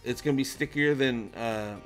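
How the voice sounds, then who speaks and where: A man chats through his livestream at an ordinary middle pitch, reading viewer names and joking along. He sounds animated and playful. Faint music runs underneath. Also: normal speed. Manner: animated, jokey, shout-outs to viewers. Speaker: livestream host. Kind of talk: casual livestream chat reading comments.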